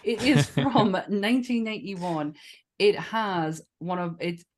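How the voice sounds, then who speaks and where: A woman's voice: medium pitch, lively intonation, slow. Laughing, swearing woman podcast co-host. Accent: Northern English. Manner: enthusiastic, laughs often, swears casually. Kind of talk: casual chat.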